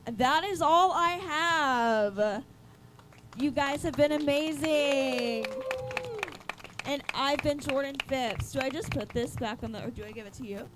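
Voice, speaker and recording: Slow, rambling female stand-up comic. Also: high-pitched, noisy background. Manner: rambling, hesitant, with many fillers. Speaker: stand-up comedian. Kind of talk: stand-up set. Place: comedy club stage.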